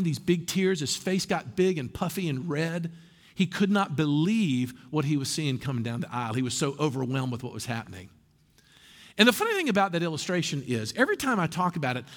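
Animated pastor preaching. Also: male voice, fairly high pitch, fairly quick, in a large hall. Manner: animated storytelling with humor and asides. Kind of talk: sermon. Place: church sanctuary.

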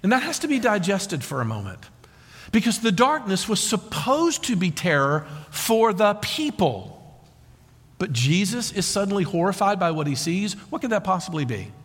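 A man's voice: high voice, big pitch swings, normal speed, a bit bright, slightly rough. A man preaching a sermon as pastor, dramatic and full of rhetorical questions. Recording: long reverb of a large hall.

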